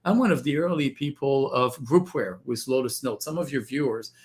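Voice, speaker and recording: A man guest on an interview, explaining technology in a measured way and repeating words as he starts a thought. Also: medium pitch, lively intonation. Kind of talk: interview answers.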